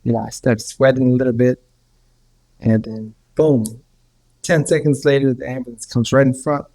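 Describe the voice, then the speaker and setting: Creaky rambling male guest. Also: medium pitch, steady tone, moderate pace, a little mellow. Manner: rambling, repeats words, many restarts. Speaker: healer, podcast guest. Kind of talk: casual storytelling.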